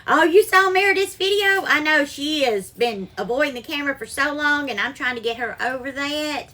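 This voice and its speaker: A woman's voice: high voice, animated, normal speed, sharp tone. A woman hosting a live-stream cooking show from her kitchen, greeting viewers by name and calling them darling.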